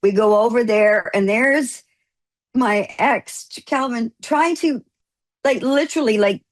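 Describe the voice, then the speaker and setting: A woman guest telling a lively anecdote in an interview, laughing and acting out what people said. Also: a little high, takes it slowly. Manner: animated, laughing storyteller who acts out quotes. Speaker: guest actor. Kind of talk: casual interview storytelling.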